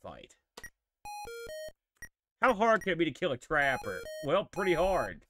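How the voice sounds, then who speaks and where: A man giving casual, animated live-stream commentary while playing a retro game, exclaiming and joking at it. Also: fairly high pitch, unhurried.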